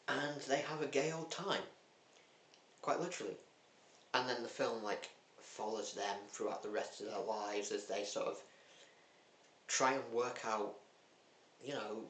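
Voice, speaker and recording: A man's voice: medium pitch, a bit bright. A man talking casually and bluntly about films he watched, with a cheeky, chatty manner. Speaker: film vlogger. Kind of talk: casual film review chat. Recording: echoey room with faint hum.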